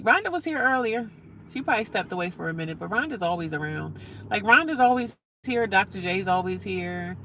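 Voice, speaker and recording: A woman's voice: mid-range voice, bright, forceful tone, a little hiss or hum. A middle-aged woman chatting casually on a live stream, reading out viewer comments and answering them.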